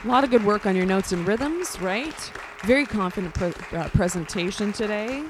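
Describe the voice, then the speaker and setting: A woman's voice: medium pitch, lively intonation, moderate pace, crowd noise, background noise. Encouraging woman coaching a band. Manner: encouraging, sings phrases to demonstrate. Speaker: band adjudicator. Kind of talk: live feedback over band playing. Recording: loud band music behind voice. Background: concert band playing.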